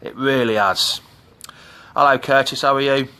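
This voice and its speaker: A man's voice: medium pitch, fairly even intonation, normal speed, pushed and bright. A middle-aged man with an English Midlands accent, chatting casually on a live stream from an outdoor pool and greeting viewers by name. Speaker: fan channel host. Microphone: phone camera.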